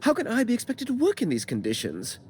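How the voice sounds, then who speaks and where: An actor playing a prim, self-pitying corporate official in a video game, speaking in clipped, theatrical formal diction. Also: male voice, extremely high pitch, wildly swooping pitch, fast talker, darkish tone, slight background noise, exaggerated voice. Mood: fussy. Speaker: corporate board representative. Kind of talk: video game character dialogue.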